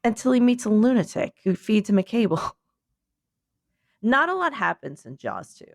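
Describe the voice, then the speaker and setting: A woman's voice: fairly high pitch, very animated, measured pace, vocal fry, no echo. A tired woman co-hosting a podcast in casual comedic chat, rambling playfully and acting out quotes in silly voices. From United States. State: tired and sleepy. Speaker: podcast co-host.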